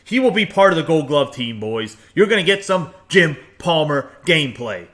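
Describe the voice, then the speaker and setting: A man's voice: fairly high pitch, sing-song, moderate pace, fairly bright tone. A man from the United States who grew up in Pittsburgh, giving a chatty, opinionated review of video game player cards and reading off long lists of stats. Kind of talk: casual game card review.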